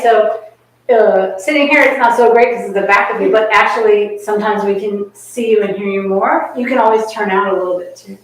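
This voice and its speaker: A woman's voice: medium pitch, a little hiss or hum. A woman coaching a chamber group in a masterclass, encouraging and chatty, often singing rhythms on nonsense syllables. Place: rehearsal room in a community center. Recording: echoey room, miked from a distance.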